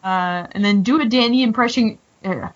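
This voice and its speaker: A woman co-hosting a podcast, recapping a TV episode in a giggly, animated and easily flustered way. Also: mid-range voice, normal speed, recorded from a distance. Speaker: podcast co-host. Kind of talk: casual chat, recapping a TV episode. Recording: slightly muffled lo-fi audio.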